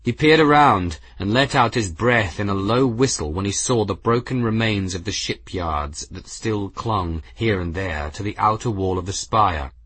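A man reading an adventure novel aloud as narrator, in a measured, even storytelling manner. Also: fairly low pitch, husky, no room sound. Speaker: audiobook narrator. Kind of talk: scripted narration.

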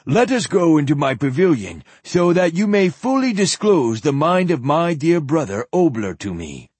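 A man's voice: very animated, normal speed, darkish tone, breathy edge, no room sound. A man voicing a sly, lisping elderly male zealot priest in a storybook reading. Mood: unctuous. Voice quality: lisping, high and unctuous.

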